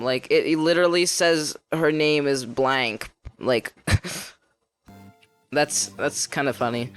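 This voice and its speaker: A man's voice: a little high, expressive, unhurried, sharp tone. A man streaming a game, reading all the characters' lines aloud in his own voice and laughing at the game as he goes. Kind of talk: casual gameplay reading with commentary. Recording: music behind voice. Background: faint game music.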